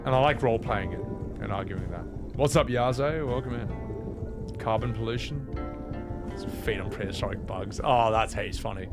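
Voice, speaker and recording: Rambling gravelly male streamer. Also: lowish voice, normal speed. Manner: rambling, swearing, chatty. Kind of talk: casual game stream chat. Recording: game music under voice.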